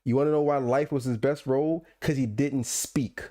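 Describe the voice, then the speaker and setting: A man's voice: mid-range voice, normal speed. A man co-hosting a podcast in casual chat, telling stories and ranting playfully, often repeating himself. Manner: animated storyteller, repeats and restarts, playful rants. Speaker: podcast co-host.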